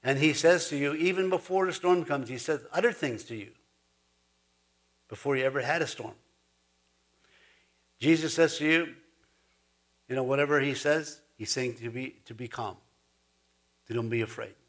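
A man's voice: mid-range voice, normal speed, pauses often. A man preaching a sermon in a folksy, chuckling way, rising to emphatic points. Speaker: pastor.

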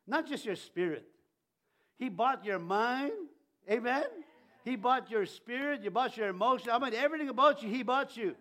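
A middle-aged male pastor giving a conversational Easter sermon, animated with jokey asides and audience questions. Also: very high voice, moderate pace.

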